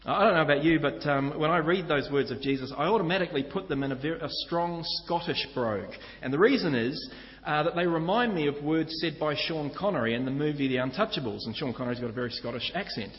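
A man's voice: on the high side, quick pace. A man preaching a sermon, earnestly teaching and speaking directly to his listeners. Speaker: pastor. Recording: echoey hall, slightly dull sound.

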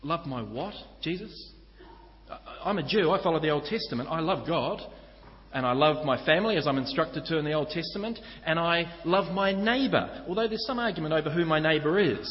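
An incredulous, devout Jewish man of old, as a New preacher puts him on, questioning in disbelief. The voice sits fairly high for a man and rings out in a reverberant hall, with a slightly dull sound. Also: lively intonation, brisk, slight background noise, natural voice.

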